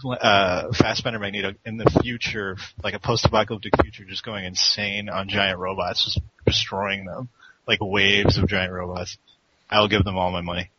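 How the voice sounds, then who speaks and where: A man chatting casually on a podcast, rambling in an animated way. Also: sits low, moderate pace. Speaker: podcast co-host. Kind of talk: casual chat. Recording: lo-fi with clear background noise.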